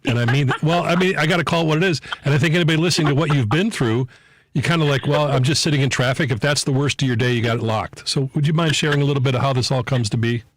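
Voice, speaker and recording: A man's voice: mid-range voice, rapid-fire, low-quality recording. A man hosting a radio talk show, interviewing a guest in an encouraging, conversational way. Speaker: fill-in radio host.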